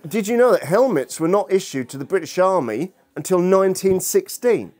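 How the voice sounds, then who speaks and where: A man gives a lecture as a historian, speaking to an audience in a humorous, chatty way, tossing in jokey asides and bantering with the room. His voice sits high with lively intonation and a darkish tone, and he keeps a moderate pace.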